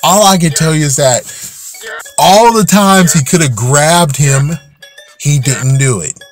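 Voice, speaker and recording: A man on a gaming channel ranting about an online match, voice pitched a little high, cursing constantly and sounding fed up. Music runs clearly underneath him the whole time. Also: measured pace. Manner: ranting, frequent swearing, exasperated. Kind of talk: angry gaming rant.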